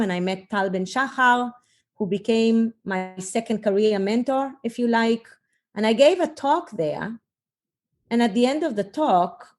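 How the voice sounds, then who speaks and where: Speaking in a darkish tone at a typical middle pitch, a middle-aged woman works through her personal story as a guest on a podcast. She is a leadership coach, earnest and reflective, frequently stopping on little fillers as she collects her thoughts in this interview-style storytelling.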